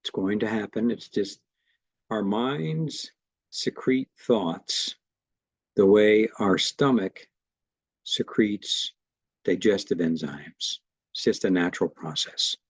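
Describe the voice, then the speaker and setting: A man teaching a meditation class, guiding the breath practice in a gentle, reassuring way. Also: on the low side, takes it slowly, husky, no room sound. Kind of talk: guided meditation instruction.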